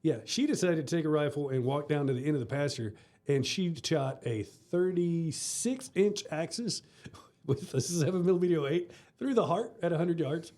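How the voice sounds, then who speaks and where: A man's voice: a little high, expressive, moderate pace, dark tone. Laughing man telling stories. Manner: rambling storyteller, laughs often. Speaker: podcast co-host. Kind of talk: casual chat.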